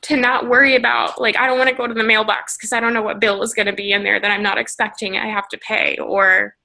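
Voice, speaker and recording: A woman with a bright, slightly high voice gives a gushing, tearful pep talk to her team over a video call. Her words come out shaky and heartfelt. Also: little pitch movement, fast talker, vocal fry, low-quality recording. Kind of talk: emotional motivational pep talk.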